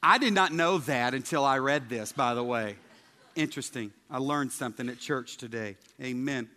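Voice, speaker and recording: A man's voice: mid-range voice, moderate pace, bright, forceful tone, in a large hall. A male pastor giving a humorous sermon, chatting with the congregation and asking them questions. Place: church sanctuary.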